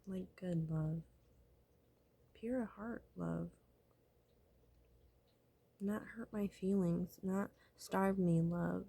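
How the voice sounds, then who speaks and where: Husky-voiced woman, casual vlog storyteller, profane and whispery. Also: on the low side, steady tone, very slow, pauses often, warm tone. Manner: profane, rambling, often drops to a whisper.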